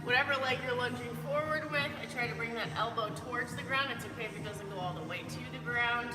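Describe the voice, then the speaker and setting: A woman's voice: fairly high pitch, quick pace. A young woman chatting upbeat with viewers by name while coaching a live workout. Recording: roomy hall reverb. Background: faint background music.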